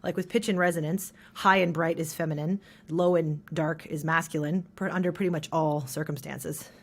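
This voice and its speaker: A trans non-binary voice teacher in an interview, explaining how voices are shaped and demonstrating pitch and resonance shifts. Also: fairly even intonation, moderate pace.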